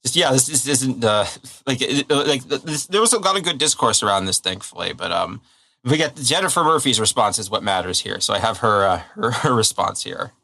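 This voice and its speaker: A man co-hosting a podcast with a bright, sharp-edged voice, recapping events in a casual and wry way with dry asides. The recording is close and dead, with no room around him. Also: medium pitch, animated, brisk, creaky, no room sound. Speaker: podcast co-host. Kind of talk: casual chat.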